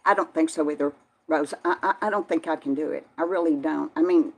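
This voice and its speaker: A woman's voice: low-pitched, brisk, creaky. An older woman, chatting casually on a live stream and answering viewers by name in a folksy way. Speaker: vlog host reading live chat.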